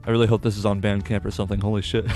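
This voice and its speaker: A man's voice: lowish voice, little pitch movement, racing, darkish tone, faint music behind. A man casually commentating a game playthrough, reading its dialogue aloud with sarcastic, sweary asides. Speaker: game streamer. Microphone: desktop USB microphone.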